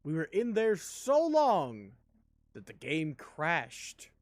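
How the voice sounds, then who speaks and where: A man chats casually while streaming a game, joking and rambling between actions. His voice sits a bit high and leaps around in pitch. It sounds close and dry. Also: huge pitch swings, slow pace, no echo. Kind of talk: casual live-stream chat while gaming.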